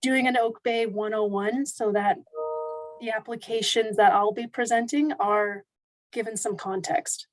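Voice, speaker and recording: Higher-voiced woman planner explaining to council. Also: steady tone, measured pace, soft background music, poor audio. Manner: polite, explanatory. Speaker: planner presenting reports. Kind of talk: formal meeting remarks.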